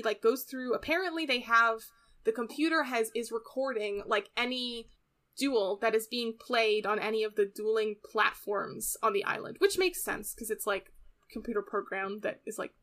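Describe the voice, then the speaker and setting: Bright-voiced chatty young woman. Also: on the high side, moderate pace. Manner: chatty, many "like" fillers, giggly. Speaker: podcast co-host recapping an anime episode. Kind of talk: casual chat.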